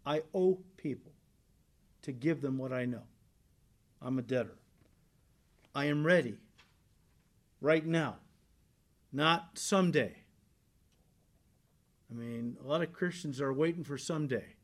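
A male pastor giving a conversational sermon, rising into emphatic bursts and dropping low and soft on solemn points. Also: measured pace, long pauses.

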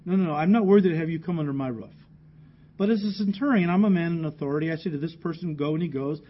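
A man's voice: fairly high pitch, quick pace, lo-fi sound. A man preaching a sermon in a casual, conversational way, teaching through a Bible passage verse by verse and acting out the voices of the people in it. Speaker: pastor.

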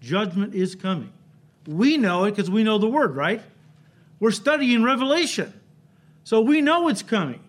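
High-voiced emphatic male pastor preaching. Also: very animated, normal speed. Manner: emphatic, builds to loud cries then drops low, frequent "right?" checks. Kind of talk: sermon.

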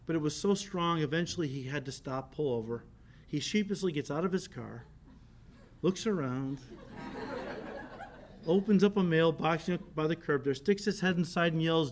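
A middle-aged man, a pastor, preaching a sermon and telling a story with lively swings from loud to quiet. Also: high voice, normal speed. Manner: storytelling with animated shifts in volume, laughing.

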